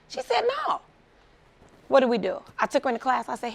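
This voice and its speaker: Gravelly-voiced woman telling a lively story. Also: a little high, quick pace. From Chicago suburbs. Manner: animated, acts out quoted voices, laughs often. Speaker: motivational speaker. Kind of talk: storytelling talk.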